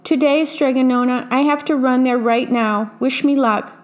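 A woman's voice: sits high, fairly even intonation, normal speed, lightly acted. A woman doing an eager clumsy young helper. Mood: excited.

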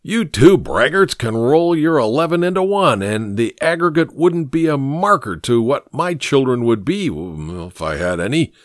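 A man voicing a teasing, excitable bachelor friend who jokes with the others. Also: mid-range voice, normal speed, few pauses, dry recording, clean studio sound, close to an everyday voice. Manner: teasing, exclamatory.

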